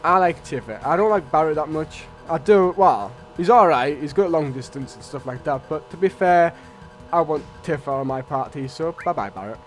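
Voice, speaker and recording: A man's voice: a little high, moderate pace, few pauses, faint music behind. A man giving casual, rambling, blunt commentary while playing a video game. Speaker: let's play host.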